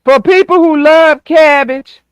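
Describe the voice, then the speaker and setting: A man's voice: very high voice, measured pace, no room sound. A man hosting a casual stream chat, folksy and talking people through a recipe step by step. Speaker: show host.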